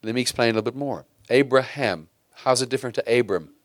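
A man's voice: mid-range voice, quick pace, no room sound, studio quality. A middle-aged man preaching a sermon in a conversational style, asking his congregation rhetorical questions. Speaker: pastor.

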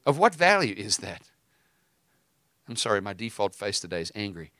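A man's voice: fairly low pitch, very animated, moderate pace, sharp tone, dry recording, studio quality. A man preaching with fiery emphasis, mixing stories and casual asides with scripture. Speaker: preacher and host. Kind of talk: impassioned preaching.

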